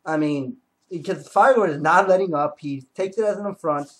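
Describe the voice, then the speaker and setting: Excitable man with a high speaking voice, casual comic book reviewer. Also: rough recording. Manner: excitable, retells scenes with quick asides and restarts. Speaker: comic book video host.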